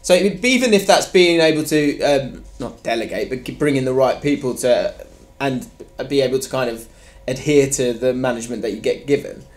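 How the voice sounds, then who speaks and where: A man hosting a casual football podcast, chatty and quick to laugh. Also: mid-range voice. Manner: laughs often, loose and chatty. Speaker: podcast host.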